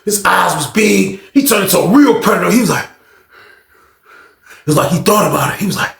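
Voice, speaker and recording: A high, gravelly man tells a story in loose slang, his voice bouncing up and down as he acts it all out. The sound is roomy, recorded in an echoey space. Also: moderate pace. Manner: animated, slangy, acts out scenes. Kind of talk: casual storytime. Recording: echoey room.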